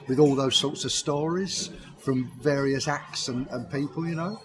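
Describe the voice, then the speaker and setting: Crowd noise sits behind this interview chat, where an older man who writes pantomime and performs comedy tells stories at a moderate pace in a mid-range voice. He keeps breaking into laughter at his own anecdotes.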